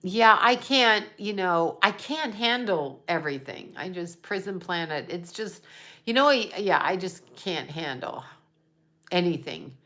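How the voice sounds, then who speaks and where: A woman's voice: on the low side, lively intonation, a little slow, sharp tone. Casual livestream host, a woman, meandering, half-finished sentences, talks straight to her viewers. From United States. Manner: rambling, trailing off, chatting to viewers and her cat.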